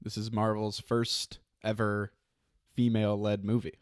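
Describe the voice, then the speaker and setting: A man's voice: lowish voice, monotone, a little slow, smooth, dry recording, studio quality. Earnest man arguing comics on a podcast. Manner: earnest, argues his point, comic-book fan. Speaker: podcast co-host. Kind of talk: casual chat.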